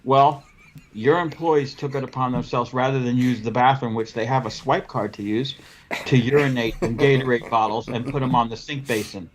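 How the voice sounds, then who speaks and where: A man hosting a casual podcast, telling a work story in an animated way and acting out the dialogue. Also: mid-range voice. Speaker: podcast host, window cleaning business owner.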